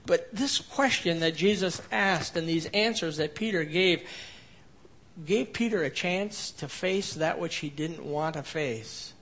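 Male pastor with a high voice, expository preaching, dynamic swings from emphatic to hushed. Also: measured pace. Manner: swings between emphatic rises and quiet low passages. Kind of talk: expository sermon.

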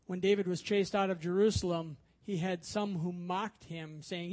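High-voiced male pastor preaching. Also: fairly even intonation, moderate pace, darkish tone. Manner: storytelling, acts out quoted voices with rising emphasis. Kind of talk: sermon.

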